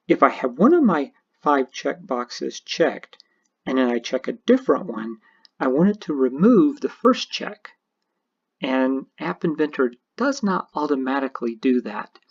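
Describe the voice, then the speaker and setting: A programming teacher narrates a screencast at an unhurried pace, explaining every step in a methodical way. The voice is somewhat husky, and the recording sounds dull and lo-fi. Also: mid-range voice.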